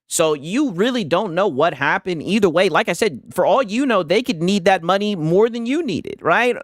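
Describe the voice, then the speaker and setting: A man's voice: sits high, animated, moderate pace, no echo, studio quality. A man streaming, reacting to a clip with casual commentary and mocking, laughing asides.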